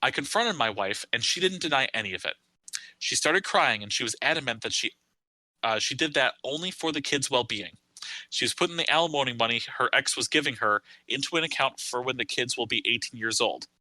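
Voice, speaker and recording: A man's voice: mid-range voice, lively intonation, brisk, sharp tone, no echo, low-quality recording. A man in his thirties co-hosting a casual podcast, reading a long online post aloud with wry asides. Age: 30s. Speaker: podcast co-host.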